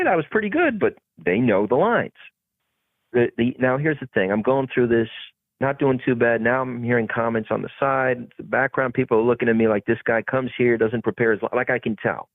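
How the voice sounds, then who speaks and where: A man's voice: mid-range voice, gravelly, dry recording. A man, a guest actor, telling stories in an interview and acting out the people in them. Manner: animated, acts out the other people in his stories. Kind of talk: storytelling in an interview. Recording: tinny phone-like sound, dry.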